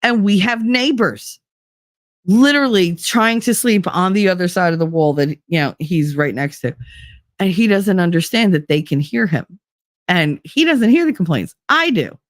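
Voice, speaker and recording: A woman's voice: on the low side, moderate pace, no room sound, clean studio sound. A middle-aged woman vlogging in casual chat, blunt and profane as she tells stories from home life. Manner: blunt, profane, animated storytelling.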